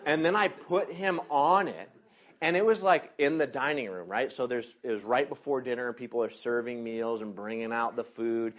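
A man preaching a sermon, telling a lively personal story and then turning quiet and earnest as he preaches. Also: medium pitch, normal speed. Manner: animated storytelling, laughing, acting out voices.

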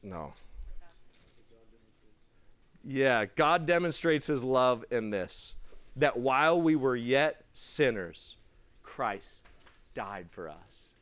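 A young man preaching a sermon through a personal story, animated, acting out the people in it and dropping to a hush at tender moments. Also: mid-range voice, takes it slowly, clean tone. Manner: animated, acts out the people in his stories; laughs between lines, drops to a hushed tone for tender moments.

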